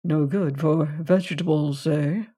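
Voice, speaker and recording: A brooding, educated gentleman detective, as a storybook narrator puts him on, speaking in a low, hushed voice. He talks slowly, with long gaps between his words, and every phrase sounds weighty. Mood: hushed, grave.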